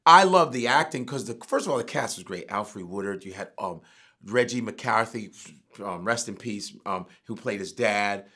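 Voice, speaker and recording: A middle-aged man and comedian talking casually as a guest, animated and profane. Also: on the low side, moderate pace, slightly rough. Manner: animated, profane, prone to outbursts. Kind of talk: casual interview chat.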